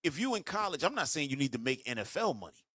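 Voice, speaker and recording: Lively middle-aged man hosting a talk show. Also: on the high side, breathy edge, dry recording, studio quality. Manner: animated, emphatic, quick reactions. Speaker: radio show host. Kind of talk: casual radio talk.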